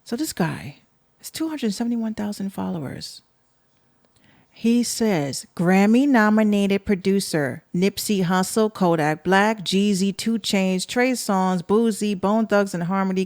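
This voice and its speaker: A woman's voice: medium pitch, a little slow, darkish tone, no echo, clean studio sound. A woman from the Bronx with a New York accent, hosting a podcast in a blunt, profane, sarcastic rant aimed at her listeners. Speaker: podcast host.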